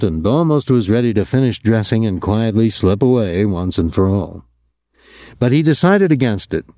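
A man reading a novel aloud in steady audiobook narration on a close mic. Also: fairly low pitch, no room sound.

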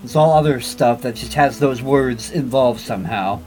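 A man's voice: mid-range voice, normal speed, darkish tone, a little hiss or hum, low-quality recording. A man co-hosting a casual chat, rambling and thinking aloud as he searches online. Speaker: podcast co-host.

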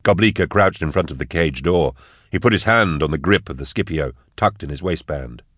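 Deep-voiced male audiobook narrator. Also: lively intonation, a little fast, a bit bright, no room sound, studio quality. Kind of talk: scripted narration.

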